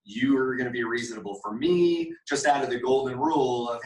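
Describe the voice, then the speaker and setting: A man's voice: mid-range voice, a little fast, few pauses, darkish tone. A man leads a casual sales meeting, coaching his team and acting out sample phone calls. He sits a little away from the mic, and the room gives his voice a noticeable echo. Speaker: sales trainer. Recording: echoey room, mic at a distance.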